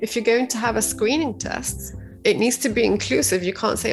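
A woman's voice: medium pitch, sing-song, moderate pace, creaky, music in the background. A woman researcher explaining her work in an interview clip, earnest and explanatory, sometimes restarting words mid-thought. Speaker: university researcher.

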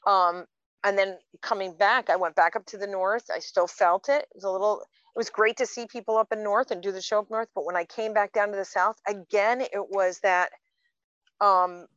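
On a podcast, a fifty-something woman tells her stories in casual, chatty fashion, filling pauses with plenty of "um"s. Her mid-range voice is steady and a bit bright, at normal speed, though the very dry recording is muffled and has no echo or room sound.

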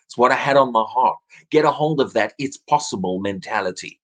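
A man's voice: medium pitch, lively intonation, a little fast, fairly bright tone. A man preaching an evening sermon, earnest, often repeating words as he restarts his phrases.

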